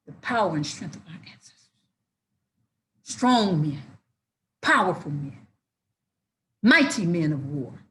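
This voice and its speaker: A woman reading scripture aloud and preaching on it with excitable energy that often rises into hollering. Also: on the low side, slow, long pauses, slight background noise. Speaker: Bible teacher.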